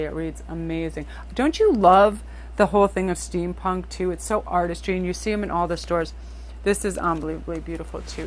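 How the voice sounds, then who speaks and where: A woman tarot reader gushes over her deck and talks straight to her viewers in a casual, admiring way. Her voice sits on the lower side for a woman. A faint hum of room ambience runs underneath. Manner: gushing, admiring, talks to viewers as "you guys".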